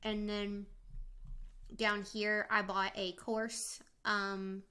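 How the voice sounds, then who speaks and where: A young adult woman casually walking through her budget, talking in a relaxed way with frequent fillers and restarts while snacking. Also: medium pitch, drawn-out words, clean tone. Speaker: vlogger.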